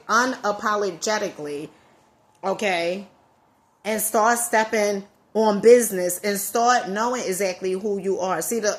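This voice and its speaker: A woman with a Southern accent giving an emphatic motivational talk to her viewers, repeating key phrases for effect. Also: mid-range voice. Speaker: motivational vlogger.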